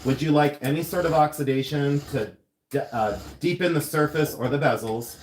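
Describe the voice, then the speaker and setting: In a jewelry studio, a man with a fairly high voice hosts a live silversmithing stream, chatting casually and spinning rambling stories full of tangents while he demonstrates jewelry making. He talks at a normal speed, and the recording sounds roomy with a little hiss or hum.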